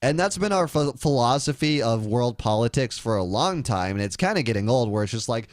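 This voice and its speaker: A man's voice: medium pitch, animated, brisk, hardly any pauses, dry recording. A man co-hosting a call-in talk show, riffing crudely and slipping into mocking impressions. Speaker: radio show co-host. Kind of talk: irreverent comedic talk show banter.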